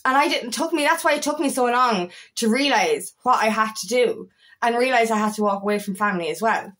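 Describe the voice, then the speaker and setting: A woman's voice: on the high side, a little fast, a bit bright. A woman coaching others in an impassioned vlog monologue, emphatic and full of swearing, repeating herself to drive her points home. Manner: emphatic and heavily profane, with insistent repetition. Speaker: feminine empowerment coach.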